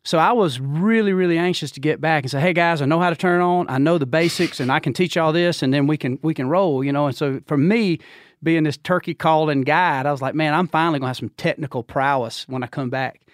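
Animated Georgia man telling a story. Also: quick pace, no room sound, clean studio sound. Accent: Southern US, Georgia. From Georgia, USA. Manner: animated storyteller who acts out quotes with big pitch jumps and laughs. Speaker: podcast guest. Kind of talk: casual storytelling chat.

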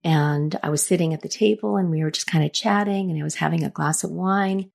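Her low, gravelly, slightly mellow voice moves fairly quickly. She's a middle-aged podcast host chatting reflectively through personal stories in a casual way, voicing quoted lines louder as she acts them out.

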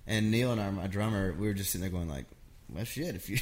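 A songwriter guest with a lowish voice talks fast, telling stories in a casual chat. He's animated and acts out the things other people said.

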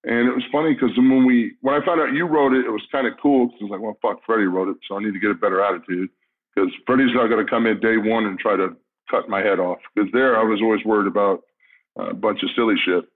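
A man's voice: lowish voice, fairly even intonation, fast talker. A middle-aged man, a former wrestler guesting on a podcast, talking bluntly and laid-back with plenty of swearing. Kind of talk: casual interview chat. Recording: tinny phone-like line.

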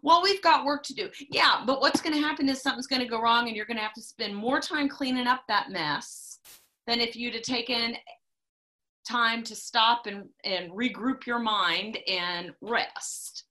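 A woman's voice: on the high side, normal speed, bright, forceful tone. A middle-aged woman in casual chat, blunt and emphatic, repeating herself to drive a point home. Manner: emphatic, blunt and repetitive when preaching farm safety.

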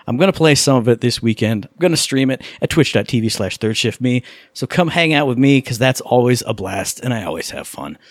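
A young man co-hosting a casual gaming podcast, excitable and swearing freely, on a close mic. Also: mid-range voice, no echo. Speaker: podcast co-host.

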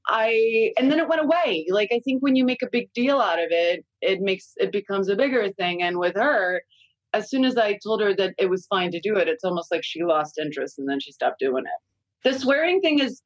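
A woman's voice: mid-range voice, no room sound, low-quality recording. A middle-aged woman guest chatting casually and candidly about raising her young kids, swearing freely. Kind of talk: casual podcast chat.

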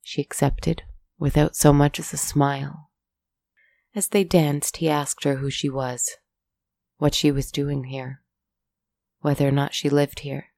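A woman narrating a fairy tale aloud in a measured, soft-spoken way. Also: low-pitched, little pitch movement, gravelly, dry recording. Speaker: storyteller.

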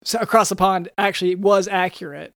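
A man's voice: high voice, fairly even intonation, a little fast, gravelly, a bit bright, no room sound, clean studio sound. A man hosting a comedy podcast, reading medical facts in a matter-of-fact way between jokes. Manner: reads medical text, then jokes around. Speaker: host posing as a doctor.

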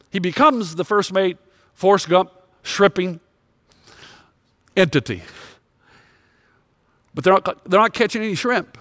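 A male pastor preaching a sermon, telling a personal story in a confessional way, swinging between loud emphasis and quiet moments. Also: high voice, no echo, clean studio sound.

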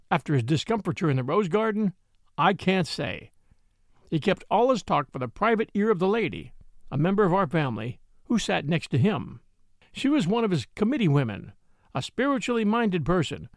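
A man reading a classic novel aloud in a wry, expressive storytelling manner, close to the mic. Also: fairly high pitch, no echo. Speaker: audiobook narrator.

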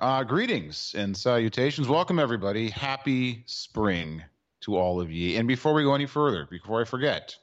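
A man's voice: mid-range voice, animated, moderate pace, dull audio. A man from Maryland co-hosting a sports radio show in casual chat, with wry, sarcastic asides. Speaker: co-host.

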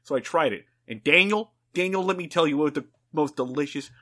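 A man putting on a brash, foul-mouthed Boston barfly with a thick Boston accent, telling a tall tale loudly and with swagger. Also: fairly high pitch, fairly quick, lightly acted. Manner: loud, swaggering, profane storytelling.

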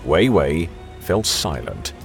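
Male audiobook narrator, very low voice, lively intonation, faint music underneath. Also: creaky. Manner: measured, storytelling.

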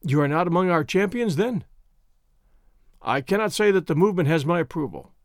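A man's voice: high-pitched, animated, a little fast, dry recording, studio quality. A man playing a stiff Victorian country doctor. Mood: stiff, formal. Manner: formal, stiff, pedantic. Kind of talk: audiobook character voice.

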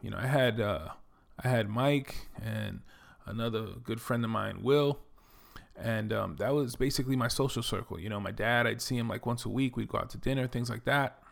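A man's voice: medium pitch, moderate pace, creaky. A middle-aged man from the Bronx with a New York accent, telling his life story in a casual, reflective monologue full of "you know" and "um". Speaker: former Air Force veteran and doctor telling his story.

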